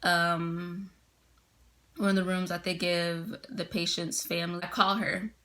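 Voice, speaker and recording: Bright-voiced young woman telling a storytime. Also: fairly low pitch, level tone, measured pace. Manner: chatty, laughs often, frequent "like" fillers. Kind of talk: casual storytime.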